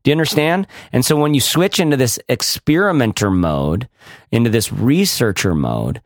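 A man's voice: normal speed, no room sound, studio quality. A man co-hosting a casual podcast chat, talking animatedly with frequent restarts. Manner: animated, restarts often, rises in pitch when excited. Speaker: podcast co-host.

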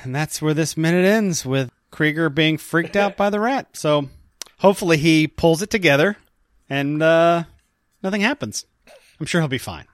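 Host, male, fairly high voice, jokey, leads the conversation, dry close sound. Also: normal speed, no echo. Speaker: podcast host. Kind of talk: casual chat.

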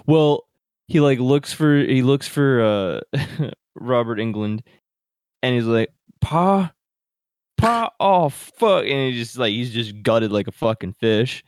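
A man casually chatting about a horror film as a podcast co-host, excitable, laughing often and swearing freely. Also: medium pitch, measured pace, clean tone, no room sound, clean studio sound. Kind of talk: casual horror movie review chat. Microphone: computer microphone.

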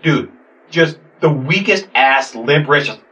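A young man casually telling a story, animated, acting out voices and swearing a lot. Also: fairly high pitch, slow pace, dull audio, heavy background noise. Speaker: podcast guest telling a story. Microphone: sitting far from the mic. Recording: distant mic in a room.

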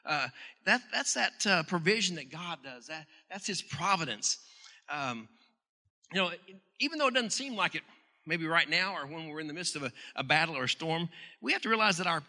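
Guy preaching a sermon, kinda high and really bright voice, big hall echo, punches the questions. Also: lively intonation, moderate pace. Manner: preaching with rising emphatic questions and restarts. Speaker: pastor. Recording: hall reverb.

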